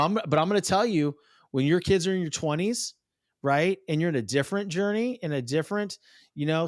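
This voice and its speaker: A man in his thirties hosts a podcast with an animated, chatty delivery, his voice at a middle pitch. The sound is dry and close, with no room around it. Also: no room sound. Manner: animated, chatty, calls guest "dude". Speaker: podcast host. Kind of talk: casual conversation.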